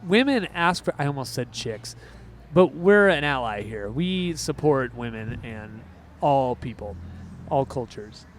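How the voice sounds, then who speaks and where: A man co-hosting a casual music podcast, talking in an excitable, rambling way with quick asides. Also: mid-range voice, a little hiss or hum. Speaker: podcast co-host. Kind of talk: casual chat.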